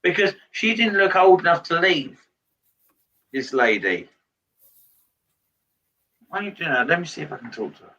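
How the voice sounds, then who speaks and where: A fairly high-voiced man gives a live spirit reading, and he pauses often and fills the gaps as he goes. He sits back from the mic, and the sound is dull and lo-fi. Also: sing-song, bright, forceful tone, recorded from a distance. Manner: halting, relays messages with many pauses and fillers. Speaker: medium giving a reading.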